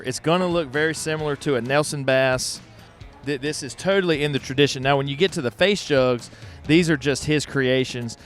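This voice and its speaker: Man, festival host, excitable, folksy, handheld mic outdoors, higher voice. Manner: excitable, folksy, talks straight to viewers. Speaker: host walking a pottery festival. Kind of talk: unscripted walkthrough commentary. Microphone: handheld microphone.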